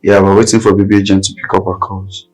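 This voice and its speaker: An actor playing a calm man who reassures his friend while they wait for an agent. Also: low voice, faint music behind, close to an everyday voice, poor audio. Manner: reassuring, unhurried. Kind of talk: Nollywood film acting.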